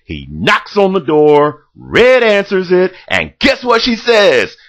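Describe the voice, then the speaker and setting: A man voicing an excitable, boastful storybook narrator who rambles loudly and gets carried away. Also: sits high, takes it slowly, voice pushed up, exaggerated voice. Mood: excited.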